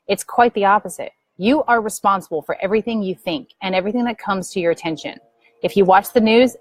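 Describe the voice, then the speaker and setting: A middle-aged woman speaking earnestly to viewers as a spiritual teacher, gently guiding them through a prayer practice. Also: medium pitch, no echo, poor audio. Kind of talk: earnest spiritual talk to camera.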